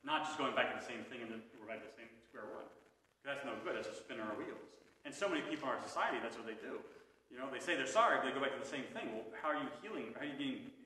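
A male priest giving an animated, conversational adult education talk in a church hall, recorded from a distance. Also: medium pitch, rapid-fire. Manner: animated, conversational, with acted asides. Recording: echoey room from far off.

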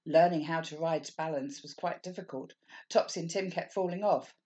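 A woman teacher reads a children's picture book aloud, her voice sitting a little low. She is expressive and stops to ask her young listeners questions. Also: normal speed. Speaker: teacher reading a story.

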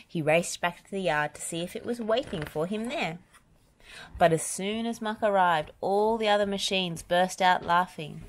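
A woman reading a children's picture book aloud in a slow, gentle way. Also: lowish voice, a little hiss or hum. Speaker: storybook reader.

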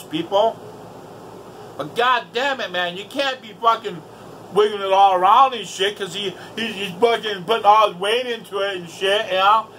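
High-voiced, foul-mouthed ranting man. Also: sharp tone, slight background noise, rough recording. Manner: heavily profane, exasperated. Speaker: vlogger. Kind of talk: casual storytelling rant.

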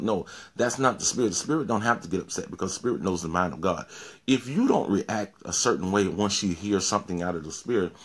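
A man's voice: sits low, brisk, slightly rough. A male pastor giving an informal sermon, often repeating words and restarting, then rising to emphatic peaks.

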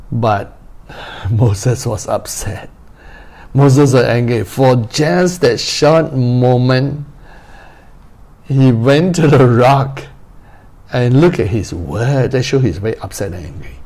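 A man's voice: medium pitch, slow, vocal fry, darkish tone. A male pastor preaching a sermon, repeating phrases and asking the listeners direct questions.

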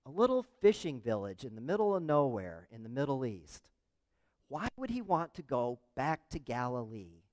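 A man's voice: mid-range voice, big pitch swings, normal speed, darkish tone. A man preaching a conversational sermon as pastor, often asking the congregation questions. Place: church sanctuary. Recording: long reverb of a church hall.

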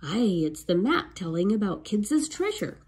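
A woman voicing a greedy one-eyed male pirate captain who growls and shouts his orders in a storybook reading. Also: medium pitch, sing-song, measured pace, breathy edge. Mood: growling, bossy. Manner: loud growling bossy shouts.

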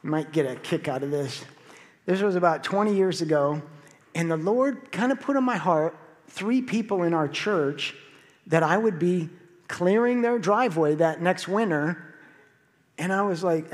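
A middle-aged man preaching in a church sanctuary, his voice sitting high for a man. He tells a story in a lively, animated way, acting out the quotes. A long reverb trails after every phrase. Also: a little slow. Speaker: pastor. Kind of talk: sermon.

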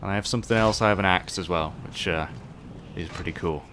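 A man doing casual live commentary while playing, excitable, swearing often and chatting with his viewers. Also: sits low, fast, noisy background. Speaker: game streamer.

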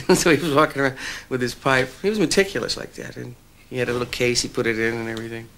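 A man's voice: medium pitch, fairly even intonation, quick pace, fairly bright tone. A man in a documentary interview, recalling an anecdote about a friend with a chuckling, storytelling manner.

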